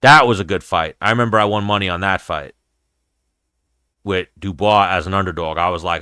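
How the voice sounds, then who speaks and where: A man in his thirties hosts a casual fight-talk livestream, chatting loosely and cursing often. His voice is slightly low, with a bright, forceful edge and a crisp, clear sound. The recording is dry and close. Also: brisk, no room sound. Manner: rambling, profane, chatty. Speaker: host of an MMA livestream.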